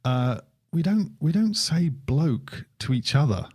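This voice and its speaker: A middle-aged man with an English accent, co-hosting a podcast in relaxed conversation, often restarting and repeating words. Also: a little high, unhurried, breathy edge. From England. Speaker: podcast co-host. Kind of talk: casual chat.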